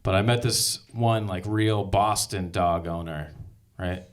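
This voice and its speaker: A man doing a stand-up set on a comedy club stage, telling deadpan stories. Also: low voice, a little slow. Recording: loud crowd laughter. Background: audience laughter.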